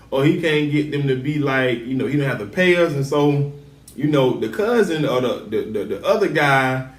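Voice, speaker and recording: Recap host, male, lively slangy delivery, slightly high voice, recorded in a roomy space. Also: recorded from a distance. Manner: animated, slangy, quotes characters. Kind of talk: casual TV episode recap. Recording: roomy sound, set back from the mic.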